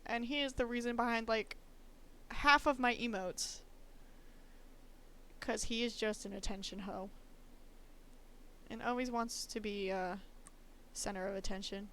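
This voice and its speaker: A woman's voice: a little high, steady tone, a little slow, pauses often, sharp tone, slight background noise. A woman streamer chatting casually and laughing a lot while she draws live. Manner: giggly, chatty, self-teasing.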